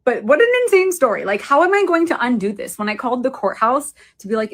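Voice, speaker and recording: A woman's voice: fairly high pitch, lively intonation, fast, few pauses. A woman talking casually in a clip, full of "like" and rising endings. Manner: chatty, lots of "like", rising upspeak endings. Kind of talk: casual vlog talk played as a clip.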